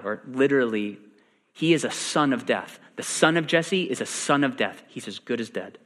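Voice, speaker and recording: A man's voice: medium pitch, moderate pace. Man preaching in a big echoey hall. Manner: animated, acts out quoted lines. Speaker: pastor. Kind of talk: sermon. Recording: long reverb in a large hall.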